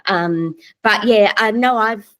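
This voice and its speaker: A woman's voice: medium pitch, slow pace, fairly bright tone, low-quality recording. A middle-aged Australian woman, a psychiatrist guest, chatting in an interview and telling stories with frequent laughs and restarts. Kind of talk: casual conversational interview.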